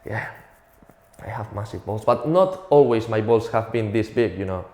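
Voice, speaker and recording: A man's voice: on the low side, normal speed, warm tone, echoey room. A young man from Spain with a Spanish accent, telling a profane, self-mocking stand-up comedy routine.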